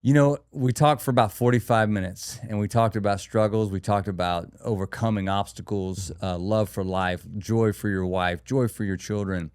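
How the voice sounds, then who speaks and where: Low-voiced earnest male podcast host. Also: fairly even intonation, moderate pace, hardly any pauses, darkish tone, clear, resonant tone, dry recording, studio quality. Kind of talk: casual interview chat.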